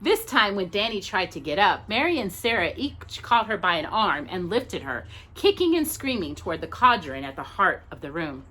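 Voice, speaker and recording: A woman reading a storybook aloud as the storyteller, expressive and animated. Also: medium pitch, moderate pace, few pauses.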